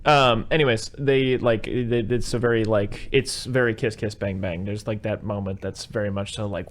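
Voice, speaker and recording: A man hosting a podcast, casually retelling a film plot in a rambling way, with quick put-on voices for the characters. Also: fairly low pitch, steady tone, a little hiss or hum. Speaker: podcast host. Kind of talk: casual chat recapping a film.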